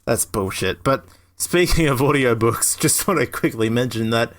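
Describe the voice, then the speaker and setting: Brief: casual male podcast host, mid-pitched, rambling and laughing. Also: moderate pace, fairly bright tone. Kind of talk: casual chat.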